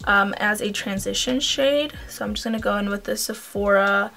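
This beauty vlogger is a young woman with a mid-range, gravelly yet bright voice and a forceful tone, speaking at a normal pace. Walking through a makeup tutorial at home, she rambles chattily and keeps dropping "um" and "like."

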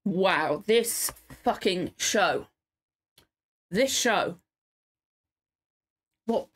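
A woman's voice: mid-range voice, expressive, slow, long pauses, husky. A woman in tears and sniffling, rambling emotionally and swearing often as she reacts to a TV episode at home. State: tearful and sniffling. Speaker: reaction video host. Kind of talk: casual reaction commentary.

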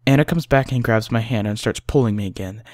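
A man narrating a first-person horror story, often dropping to a hushed, breathy delivery at tense moments. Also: fairly low pitch, quick pace, dry recording. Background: faint music.

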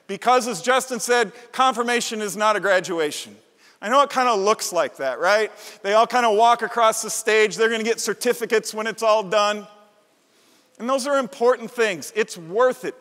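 Middle-aged male pastor, high voice, passionate repetitive preaching, big echoing sanctuary. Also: a bit bright. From Midwestern United States. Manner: passionate, emphatic preaching with repeated phrases. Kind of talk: sermon. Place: large church sanctuary. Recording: long church-hall reverb.

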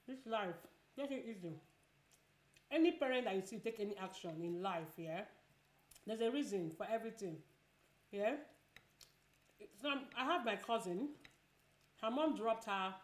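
A woman's voice: mid-range voice, echoey room. A woman chatting casually while eating, giving advice and repeating herself a lot. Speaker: vlogger.

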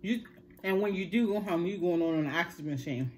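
A woman's voice: lowish voice, a little fast, a little hiss or hum. Older woman telling a story. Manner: animated, repeats words for emphasis, addresses listeners as y'all. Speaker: host. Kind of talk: casual storytelling.

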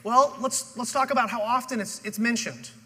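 A man's voice: very high-pitched, moderate pace, bright, forceful tone, husky. A male pastor preaching a sermon and telling the story dramatically, acting out the people in it. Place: church auditorium. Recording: long hall reverb.

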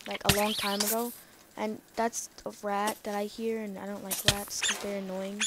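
A woman rambling through casual gameplay commentary, talking excitedly to herself and to the game's characters. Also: mid-range voice, moderate pace, noisy background. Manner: rambling, excitable self-talk to the game. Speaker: let's play gamer.

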